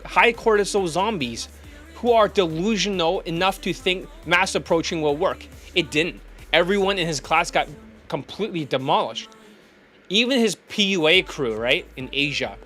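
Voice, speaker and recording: A man's voice: high voice, a bit bright. A man, a dating coach, ranting bluntly and profanely in a vlog monologue.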